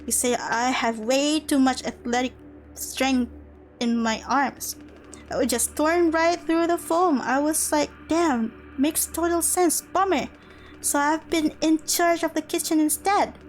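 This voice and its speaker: Woman voices young easygoing surfer-dude guy, high-pitched, game read-along, faint music underneath. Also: fairly even intonation, measured pace. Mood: laid-back. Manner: easygoing, filler-heavy, hesitant. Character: young male laid-back surfer-dude crewman. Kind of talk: reading game dialogue aloud.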